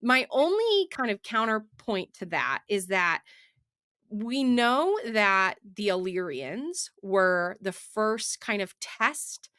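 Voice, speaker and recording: A woman's voice: mid-range voice, slow, no room sound, studio quality. A woman co-hosting a podcast, chatting casually about books with many fillers and restarts. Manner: animated, lots of fillers and restarts. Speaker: podcast co-host. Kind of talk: casual book discussion.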